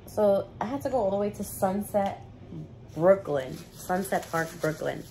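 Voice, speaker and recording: A woman's voice: medium pitch, expressive, measured pace, warm tone, slight background noise. A young woman, chatting casually between bites in a mukbang eating vlog. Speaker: food vlogger.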